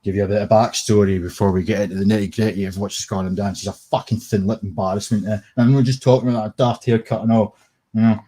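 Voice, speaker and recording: A man's voice: on the low side, steady tone, quick pace, mellow, slightly rough. A man with a Scottish accent doing a sweary, scornful casual rant on a live stream, laughing often. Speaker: livestream commentator.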